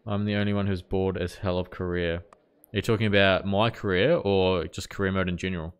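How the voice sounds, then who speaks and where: Sitting low and steady, the clean-toned voice of a New Zealand streamer comes through brisk despite lo-fi sound. He chats casually in his Kiwi accent over gameplay, reacting to play and answering viewers.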